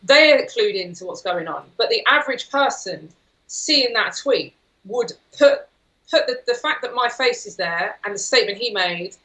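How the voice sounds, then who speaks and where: Give me a forceful, indignant woman talk show guest with a bright, sharp voice. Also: mid-range voice, animated, normal speed, poor audio. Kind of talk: political talk show conversation.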